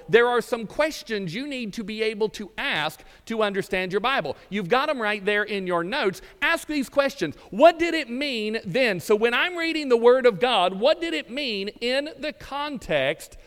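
A man preaching a sermon, with dramatic pauses and drawn-out emphasis. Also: very high-pitched, expressive, fairly bright tone, clear, resonant tone. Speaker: pastor. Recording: reverberant hall.

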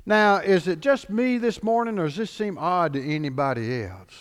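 A man preaching a sermon as pastor, animated, swinging between loud declarations and hushed lines. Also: high-pitched, normal speed, hardly any pauses, clear, resonant tone, in a large hall.

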